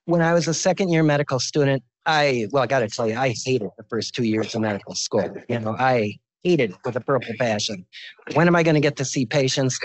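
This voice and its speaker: A man's voice: mid-range voice, rough recording. Older man giving a joking medical lecture. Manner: informal, joking storyteller. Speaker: visiting professor of medicine.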